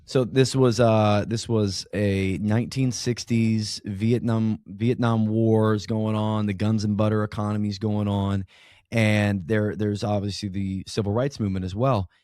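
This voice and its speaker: Animated rambling male podcast guest. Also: lowish voice, a little slow, no echo, studio quality. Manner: animated, rambling, with frequent restarts and slang. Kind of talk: casual conversational interview.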